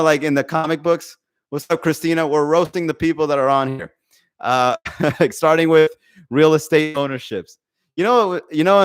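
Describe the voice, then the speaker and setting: A man with a smooth voice that's a little high hosts a comedy podcast. It's a casual livestream chat where he rambles, swears freely and laughs often.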